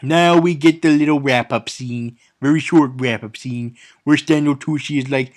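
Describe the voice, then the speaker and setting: A man's voice: mid-range voice, moderate pace. A man giving a casual, sarcastic recap of a movie, rambling with many stumbles and restarts. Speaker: movie reviewer.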